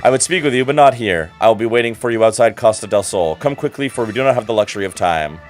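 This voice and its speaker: A man's voice: fairly low pitch, fast talker, faint music behind, lightly acted. Man reading as a haughty aloof investigator. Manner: formal, cool, superior reading. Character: haughty condescending male investigator. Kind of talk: reading game dialogue aloud on stream.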